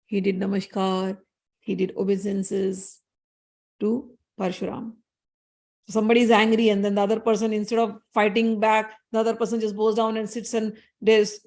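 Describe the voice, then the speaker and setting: A woman's voice: mid-range voice, level tone, fairly quick, creaky, darkish tone. A woman telling a devotional story in a conversational, explanatory way, reciting Sanskrit verses.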